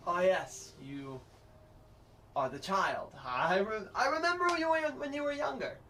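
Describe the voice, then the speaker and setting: A man's voice: sits high, expressive, a little slow, bright, forceful tone, voice pushed up, exaggerated voice. A man voicing Sir Pudgemore, a pompous portly nobleman, in a stiff formal manner. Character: pompous portly male noble, flustered suitor. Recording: distant mic, faint noise.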